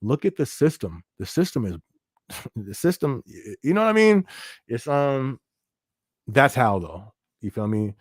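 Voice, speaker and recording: Male live-stream host, casual and loose, mid-pitched voice, close dry mic. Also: big pitch swings, measured pace, no echo. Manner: laid-back, laughs often, frequent fillers like "you feel me". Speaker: livestream podcast host. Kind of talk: casual live-stream chat reading viewer comments.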